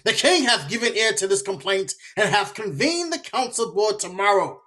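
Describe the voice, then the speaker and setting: A man playing a bright, spiteful schemer. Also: sits high, very animated, moderate pace, heavily acted. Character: scheming bishop, spiteful and bitter. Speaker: stage actor. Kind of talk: Shakespearean stage acting.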